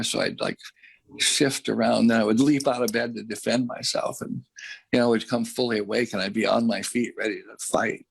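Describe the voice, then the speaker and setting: Gravelly, husky man recounting his past. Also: medium pitch. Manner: halting, earnest, with frequent restarts. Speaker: interview guest. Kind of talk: recounting personal experience in an interview.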